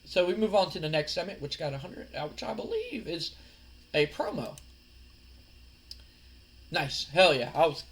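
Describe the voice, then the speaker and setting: A man casually narrating a wrestling sim game, excited and storytelling. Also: a little high. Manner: excited, storytelling, filler-heavy. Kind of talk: casual let's-play narration.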